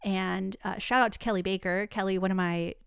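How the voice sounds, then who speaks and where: A woman's voice: medium pitch, fairly even intonation, fairly quick, vocal fry, smooth, no echo, studio quality. A woman co-hosting a podcast, chatting candidly and giggling often. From United States. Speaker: podcast co-host. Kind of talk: casual chat. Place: Scottsdale, Arizona.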